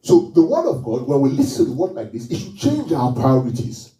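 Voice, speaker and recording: A man preaching to a congregation, with a very dark, mellow voice that swings lively up and down. He fires rhetorical questions, then repeats the key phrase for weight. He is heard from some distance in a roomy, echoey church hall. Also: medium pitch, a little fast, soft background music. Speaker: pastor. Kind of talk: sermon.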